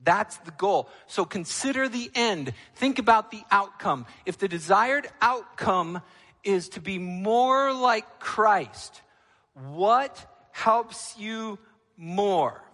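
A male pastor preaching a sermon, emphatic, moving between loud, ringing lines and quiet, low ones. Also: expressive, slow pace, long reverb tail.

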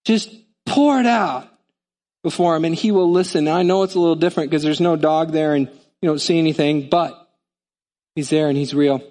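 Brief: a man preaching from the pulpit, lively and conversational, slightly higher-pitched voice. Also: brisk, in a large hall. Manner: animated, conversational, acts out voices. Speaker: pastor. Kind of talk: sermon.

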